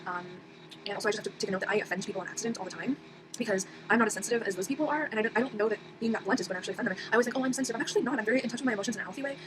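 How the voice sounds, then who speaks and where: Young woman, casual rambling storyteller, very rapid delivery, noisy recording. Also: medium pitch. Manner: rambling, fast, full of fillers and restarts. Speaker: vlogger. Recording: audible background noise.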